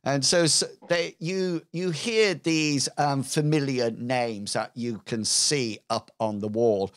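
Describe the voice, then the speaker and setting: A game master runs a tabletop game at an unhurried, deliberate pace in a mid-range voice. His narration is hesitant and halting, with plenty of ums, other fillers and pauses between phrases.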